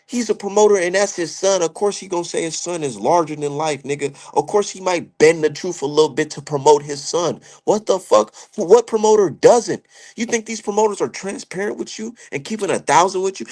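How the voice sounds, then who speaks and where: A man's voice: high voice, a little mellow. A young man giving heated, profane, slangy commentary as a streamer. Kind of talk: ranting casual commentary.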